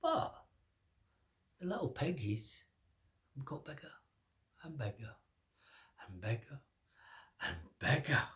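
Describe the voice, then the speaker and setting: An older man spins a bedtime tale in a relaxed, conversational way. He stretches words and drops to a hush at key moments, pausing for suspense. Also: medium pitch. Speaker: storyteller. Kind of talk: telling a children's story.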